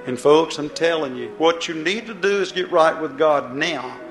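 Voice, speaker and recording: Preacher man with a high ringing voice. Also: animated, moderate pace, echoey room, soft background music. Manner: pleading, rhetorical questions. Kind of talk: fiery sermon.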